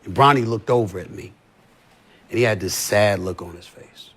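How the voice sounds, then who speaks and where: A man's voice: on the low side, moderate pace, a bit bright. A man talking in a heated, profane podcast conversation, pressing his points again and again. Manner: emphatic, profane, repeats points. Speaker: sports commentator as podcast guest.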